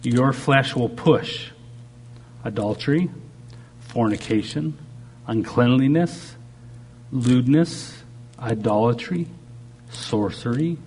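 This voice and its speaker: A man's voice: medium pitch, takes it slowly, long pauses, darkish tone, a little hiss or hum. A man preaching a sermon, shifting dramatically in tone and acting out the voices he quotes. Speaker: pastor.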